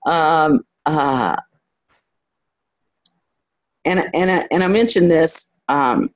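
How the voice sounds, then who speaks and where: A spiritual teacher giving a reflective talk to a group, speaking candidly about their own experience and often pausing to search for the next thought. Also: mid-range voice, expressive. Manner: candid and self-reflective, with light self-deprecating humor.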